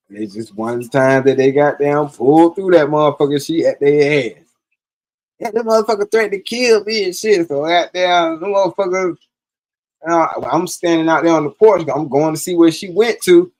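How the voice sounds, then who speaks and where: A man's voice: fairly high pitch, moderate pace. A man telling a personal story in casual, profane talk on a live stream, acting out the lines of the people in it. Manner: profane, animated, acts out quoted dialogue.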